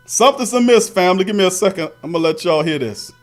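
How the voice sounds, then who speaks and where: A man hosts a live-stream sports rant in a high-pitched voice. He talks in fiery, slangy bursts and keeps circling back to chant-like refrains. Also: expressive, quick pace, soft background music. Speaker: sports talk show host.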